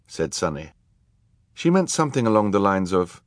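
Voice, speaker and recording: A man reading an audiobook aloud in a measured, wry storytelling manner. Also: lowish voice, big pitch swings, no room sound, studio quality. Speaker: audiobook narrator. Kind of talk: scripted narration.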